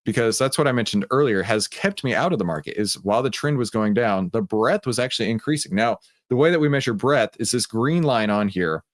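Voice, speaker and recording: A man's voice: on the low side, no room sound, studio quality. A middle-aged man with a Texan accent hosts a livestreamed trading room, talking casually with lots of fillers. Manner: casual and chatty, many fillers.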